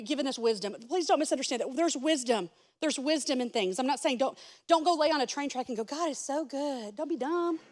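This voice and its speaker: A woman pastor with a high voice preaches a sermon, swinging from loud, urgent passages to soft, hushed ones and speaking directly to the congregation in asides.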